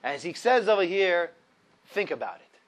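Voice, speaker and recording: A man teaching a religious ethics lesson, telling a story animatedly with big swings between loud and soft. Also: sits high, very animated, moderate pace. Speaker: Torah teacher.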